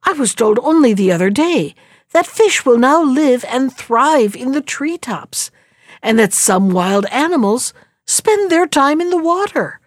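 A woman's voice: sits high, big pitch swings, a little slow, dry recording, studio quality, pitched above the performer's own voice. A woman voicing a crafty old peasant man who feigns wonder to fool his wife. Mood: sly. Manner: sly, coaxing, feigns wonder.

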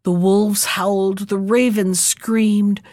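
A woman narrating a fairy tale in a lively, expressive storybook reading. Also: medium pitch, slow, dry recording.

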